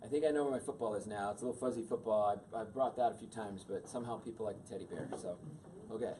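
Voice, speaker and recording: A man in his fifties, a workshop speaker telling a personal story to an audience in a conversational, animated way. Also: on the low side, fast, noisy background. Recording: distant mic with faint room ambience.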